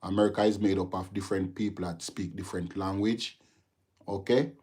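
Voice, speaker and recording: A man's voice: deep voice, fairly even intonation, brisk, darkish tone, breathy edge. A man from Jamaica with a Jamaican accent, hosting a casual livestream and answering viewer comments, turning heated and lecturing. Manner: talks straight to viewers, gets heated and lecturing. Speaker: livestream host.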